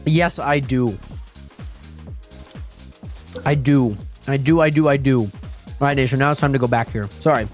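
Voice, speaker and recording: A young man live-streaming a game, chatting casually with his viewers and breaking into excited yelps when the action heats up. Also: medium pitch, moderate pace, pauses often. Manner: chatty, addresses viewers constantly, yelps excitedly during fights. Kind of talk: casual gaming livestream chat. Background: faint dance pop music.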